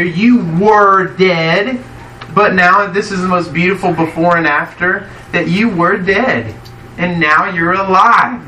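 A man's voice: on the high side, bright, forceful tone, slight background noise. Preaching man in an echoey hall. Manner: conversational, asks the congregation questions. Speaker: pastor. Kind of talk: sermon. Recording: echoey hall, mic from a distance.

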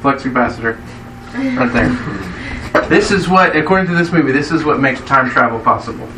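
In this clip the preacher's voice sits higher and swings widely in pitch at an ordinary speed, over a noisy background. Speaking to the congregation in a chatty sermon style, he frequently asks them questions, heard through a distant mic in an echoing hall.

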